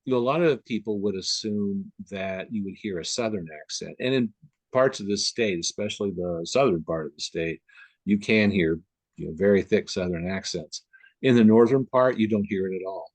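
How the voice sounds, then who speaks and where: A man's voice: fairly low pitch, moderate pace, a little mellow, no echo. A man from the Upper Midwest chatting as a guest on a video call, rambling with lots of fillers and restarts. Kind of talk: casual conversation on a video call.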